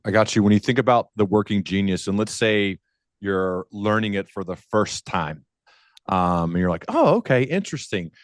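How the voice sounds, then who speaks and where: A man hosting an interview, asking questions casually with halting phrasing. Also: on the low side, fairly even intonation, dry recording, studio quality. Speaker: podcast host.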